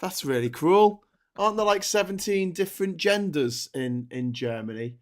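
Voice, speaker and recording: A man's voice: sits high, animated, moderate pace. Chatty rambling male talk-show host. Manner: chatty, rambling, swears and laughs. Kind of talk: casual political chat show.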